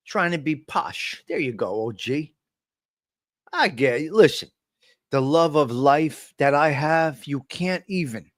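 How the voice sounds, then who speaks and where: Speaking slowly with long pauses, this man's slightly high voice stays expressive as he hosts a casual, joking live stream at his desk microphone. He repeatedly calls out viewers by name, and the audio is close and dry, free of any room echo.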